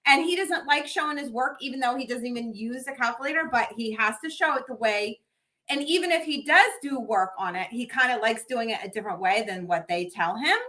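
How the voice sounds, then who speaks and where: A middle-aged woman co-hosting a podcast, telling a story in casual chat and acting out the quotes with big jumps in pitch. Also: brisk, bright, forceful tone. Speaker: podcast co-host.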